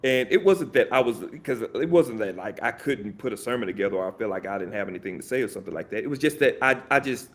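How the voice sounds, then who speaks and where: A man talks casually as a podcast guest. He rambles, restarts himself and fills pauses often. His mid-range voice swoops a lot in pitch. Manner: animated, rambling, many fillers and restarts. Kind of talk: casual chat.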